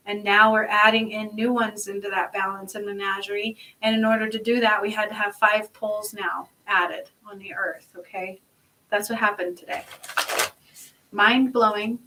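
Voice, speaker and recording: Bright-voiced woman reading oracle cards. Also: mid-range voice, far from the mic, a little hiss or hum, low-quality recording. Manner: emphatic, chatty, swears casually, keeps asking "okay?". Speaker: spiritual healer and card reader. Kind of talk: casual oracle card reading to viewers.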